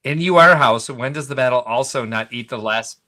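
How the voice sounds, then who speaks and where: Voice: medium pitch, moderate pace, pushed and bright. A podcast co-host chatting playfully on a livestream, laughing often. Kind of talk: casual livestream chat.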